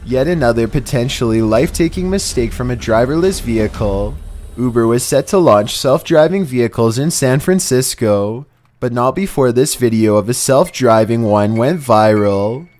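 A man reading a scripted narration for a countdown video in an even, measured way. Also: mid-range voice.

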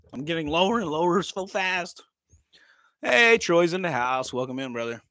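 A man in his thirties hosts a casual livestream, joking and laughing between lines. His pitch swings widely and sits a little high for a man. The sound is dry and close with no room around it. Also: animated, a little slow, pushed and bright, no room sound. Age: 30s. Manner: laid-back, joking, laughs often, swears casually. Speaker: livestream vlogger.

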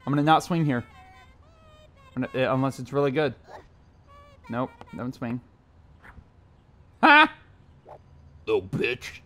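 A young man doing casual, profane commentary while playing a video game, excitable and yelling at the game. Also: medium pitch, unhurried, pauses often. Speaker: gameplay commentator. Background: game music.

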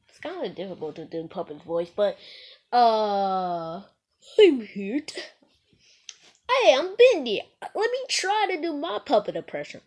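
Giggly woman with a bouncy, lively voice. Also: medium pitch, normal speed. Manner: playful and giggly, with silly outbursts. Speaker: gaming channel host. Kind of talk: casual gameplay commentary.

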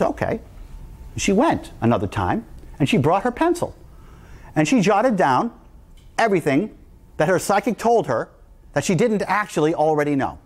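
A middle-aged man from New Jersey speaks to a live audience in a high, lively voice. He is emphatic and repeats his key lines to drive them home. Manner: emphatic and repetitive, hammering points home. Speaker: guest speaker. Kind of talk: public talk to a live audience.

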